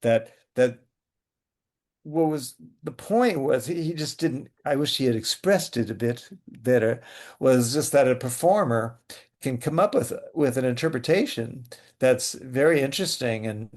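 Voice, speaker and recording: A man being interviewed as a guest, a playwright and actor telling lively theatrical anecdotes in a casual chat. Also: mid-range voice, measured pace.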